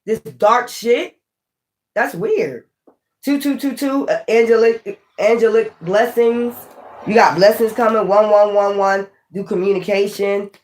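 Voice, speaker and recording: A woman from North Philadelphia with a Philly accent, chatting bluntly and roughly on a tarot livestream, swearing freely. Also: mid-range voice, measured pace, darkish tone. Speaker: tarot reader. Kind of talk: casual livestream chat.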